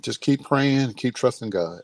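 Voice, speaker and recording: A man's voice: mid-range voice, lively intonation, moderate pace, darkish tone, dry recording. A middle-aged man, a vlogger, telling a personal story in a casual, heartfelt and grieving way, then offering encouragement, speaking outdoors near his home.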